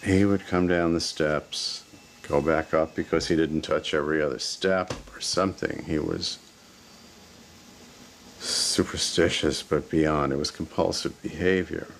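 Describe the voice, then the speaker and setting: Gravelly low-voiced man, blunt. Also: steady tone, unhurried, a little hiss or hum. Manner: blunt, emphatic storytelling. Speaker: interviewee. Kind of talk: documentary interview recollection.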